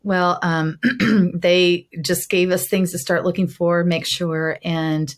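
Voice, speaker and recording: A woman's voice: lowish voice, flat delivery, takes it slowly. A middle-aged woman, a guest in an interview, telling her personal testimony in an earnest, heartfelt way.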